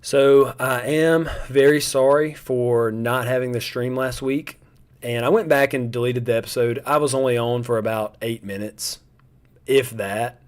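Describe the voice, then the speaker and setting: A man's voice: mid-range voice, steady tone, measured pace. Stream host: young man, mid-range voice, loose and rambling, talks right to chat. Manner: chatty, rambling, talks straight to viewers. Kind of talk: casual chat to a live audience.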